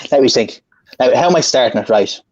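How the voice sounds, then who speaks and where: A man on a video call, telling a story quickly and joking and laughing as he goes. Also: mid-range voice, animated, a little mellow, no room sound, muffled recording. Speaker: guest. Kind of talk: casual chat on a video call.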